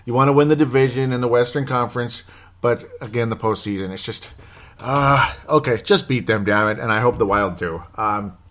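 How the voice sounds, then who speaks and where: A man's voice: mid-range voice, brisk, fairly bright tone. A man gives casual solo sports commentary as a podcast host, rambling and correcting himself, anxious and wry with frequent chuckles.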